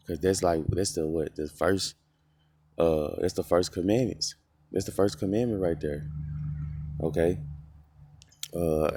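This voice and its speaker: A man giving an informal scripture lesson in a loose, conversational way, full of fillers and slowing down to read verses aloud. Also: low-pitched, darkish tone, dry recording. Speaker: religious teacher.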